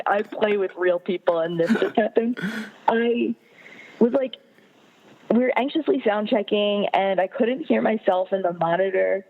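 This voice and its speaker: A woman in her thirties, a podcast guest getting over a cold with a slight vocal fry, chatting frankly and swearing casually. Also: medium pitch, dull audio. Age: 30s. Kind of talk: casual chat.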